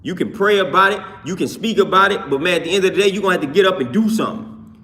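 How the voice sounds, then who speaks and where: Guy going off on his stream, high bright voice, says the same thing over and over. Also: fast. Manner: preachy, repeats phrases, greets chat by name. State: just worked out. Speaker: livestream host. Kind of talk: casual livestream talk reading chat.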